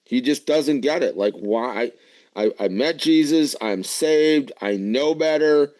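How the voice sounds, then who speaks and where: A man with a mid-range voice co-hosts a relaxed Bible discussion. He talks emphatically and keeps throwing out rhetorical questions, so he sounds lively and engaged. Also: medium pitch, slow pace, dry recording. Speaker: co-host of a live Bible study. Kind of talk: casual Bible study discussion.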